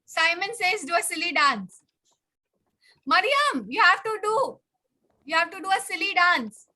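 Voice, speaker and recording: A woman teacher leading a children's class over a video call, coaxing and brisk as she calls on pupils by name. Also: very high voice, very animated, pushed and bright.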